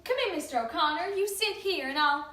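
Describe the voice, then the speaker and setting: Woman acting as a fussy Southern mother, very high, sing-song, echoey room, distant mic. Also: expressive, a little fast, very noisy. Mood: insistent. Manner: gushing, talkative. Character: fussy genteel faded Southern mother, chattering. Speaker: student performer. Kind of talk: amateur stage acting.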